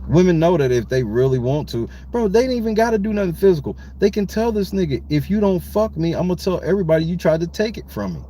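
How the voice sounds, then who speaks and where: A man with a fairly high voice gives casual podcast commentary. He talks bluntly and with plenty of profanity, slowing right down to hammer his points, and a faint hiss sits under him. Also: expressive, dark tone. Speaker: podcast host.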